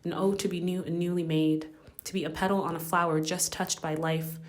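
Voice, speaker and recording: Low, flat-voiced young woman poet. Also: fairly quick. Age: young adult. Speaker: spoken word poet. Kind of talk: spoken word poetry.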